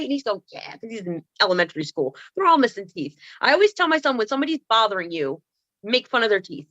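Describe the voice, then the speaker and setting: A woman in her thirties tells funny, self-mocking stories over a video call, full of sassy playful asides. Her voice sits high and bright, leaping up and down in pitch. The sound is dry and a little dull, like a laptop mic. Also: sing-song, fast, dry recording. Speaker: comedian and speaker. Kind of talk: comedic storytelling on a video call. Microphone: computer mic on a video call.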